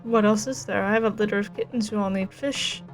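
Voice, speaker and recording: A woman's voice: medium pitch, steady tone, brisk, music in the background, lightly acted. A woman voicing a timid, polite male cat fisherman in a video game. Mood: meek. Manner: polite, humble.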